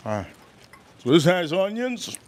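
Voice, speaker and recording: A man hosting a casual livestream, chatting and reacting out loud while he eats. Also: high voice, sing-song, a little slow. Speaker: livestream host. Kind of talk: casual livestream food tasting.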